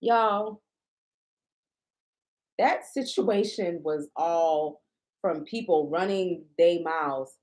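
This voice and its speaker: A woman's voice: lowish voice, very slow, pauses often, a little mellow. A woman with a blunt, indignant, profane manner, ranting casually to her viewers as a shop owner and vlogger.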